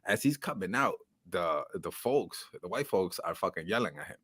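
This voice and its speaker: A man's voice: deep voice, moderate pace, slightly rough, no echo, clean studio sound. A man co-hosting a casual podcast chat, telling a long story with lots of swearing and acting out other people's voices. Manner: animated storyteller, heavy swearing, acts out voices. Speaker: podcast co-host.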